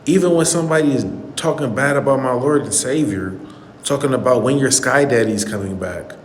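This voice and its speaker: A man's voice: mid-range voice, fairly quick, a little hiss or hum. Indignant man in an echoey room. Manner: earnest, indignant, repeats his points. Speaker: channel host. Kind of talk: commentary monologue on a played clip.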